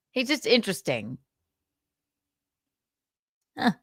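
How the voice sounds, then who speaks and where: A woman's voice: medium pitch, big pitch swings, drawn-out words, breathy edge, no room sound, studio quality. A young woman hosting a livestream, chatting casually and reading viewer comments, giggling and losing her words as she rambles. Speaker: livestream host.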